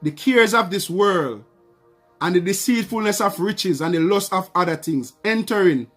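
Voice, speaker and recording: A man with a notably high voice preaches a sermon. He leans on repeated phrases and calls out to the congregation for a response, while soft music plays faintly underneath. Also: normal speed.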